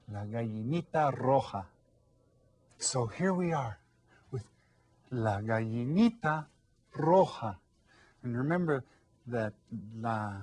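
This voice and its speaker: A man's voice: medium pitch, a little mellow, breathy edge. A man teaching a recorded elementary Spanish lesson, patiently explaining words and prompting children to repeat them.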